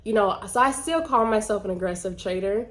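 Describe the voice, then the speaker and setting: A woman's voice: mid-range voice, fairly quick. Woman vlogger, casual and earnest, chatty delivery with many fillers. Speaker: vlogger and trader. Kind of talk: casual talk to camera.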